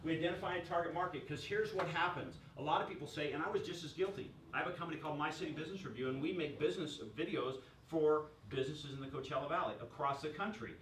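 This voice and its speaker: Energetic man presenting a workshop, echoey room. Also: a little high, fast talker, few pauses, slight background noise. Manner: energetic, jokey, asks the audience questions. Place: chamber of commerce meeting room. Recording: echoey room recorded from far off.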